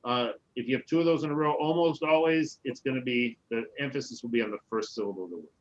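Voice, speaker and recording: A rabbi eases through a Hebrew lesson in a loose, chatty way, stopping often to check that his students are following. His voice sits at an ordinary middle pitch. The sound is muffled and dull, as on a video call. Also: fast. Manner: relaxed, chatty, many "right?" checks. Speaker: rabbi teaching a Hebrew class. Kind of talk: casual online class teaching.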